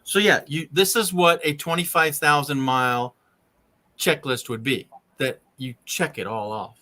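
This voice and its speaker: Emphatic man coaching with bright voice. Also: on the high side, unhurried. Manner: emphatic, keeps checking in with "right?" and "okay?". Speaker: RV channel host. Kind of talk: casual coaching chat.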